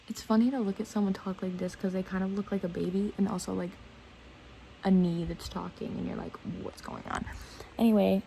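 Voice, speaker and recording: At night in her bedroom, a young woman chats casually into her phone camera from bed, rambling, giggling, and poking fun at herself. Her voice is mid-range with a dark tone, and the rough recording carries a little hiss or hum.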